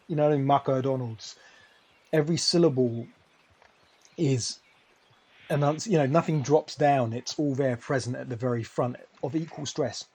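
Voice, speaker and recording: Mellow husky man musing over poems. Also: mid-range voice. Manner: musing, digressive, with many ums and restarts. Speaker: streamer reading poetry. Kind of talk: reading and explaining poetry on a live stream.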